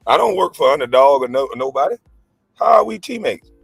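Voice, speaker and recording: Faint music backs a sing-song, fairly high-pitched voice that is gravelly with a breathy edge, a little fast and free of room sound. It belongs to a forties-aged livestream host and ex-pro basketball player on a heated, profane rant, combative and scornfully laughing.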